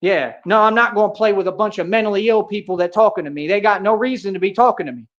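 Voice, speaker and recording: A man's voice: high-pitched, quick pace, fairly bright tone. Man ranting confrontationally on dull lo-fi audio. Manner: confrontational, boastful, street slang, repeats 'bro' and 'real talk'. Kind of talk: heated livestream rant.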